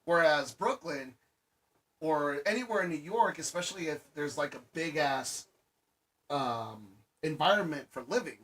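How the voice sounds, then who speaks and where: A man from Arizona with a slightly high, husky voice. He explains things haltingly, tripping over words and starting over. The talk is loose podcast chat. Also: lively intonation, fairly bright tone, low-quality recording. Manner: explains haltingly, restarts often. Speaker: podcast co-host. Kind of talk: casual chat.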